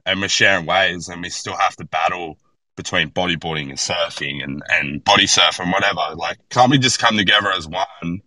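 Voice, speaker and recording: A young Australian man, a guest on a podcast, tells stories bluntly and animatedly with plenty of swearing in a casual chat. His voice is deep and fairly quick, and the recording is rough.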